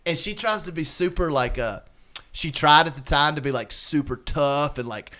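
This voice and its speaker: A man's voice: fairly high pitch, a little fast, sharp tone. A man on a podcast telling stories in casual chat, swearing freely and acting out what people said. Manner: profane storyteller who acts out quotes. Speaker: podcast regular.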